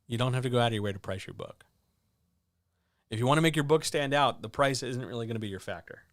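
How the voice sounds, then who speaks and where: Male livestream host, mid-pitched, blunt and sardonic, dry close mic. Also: fast talker, no room sound. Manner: blunt, sardonic, animated, with sudden jumps in pitch. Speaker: host of a writing advice livestream. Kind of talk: casual livestream chat answering viewer questions.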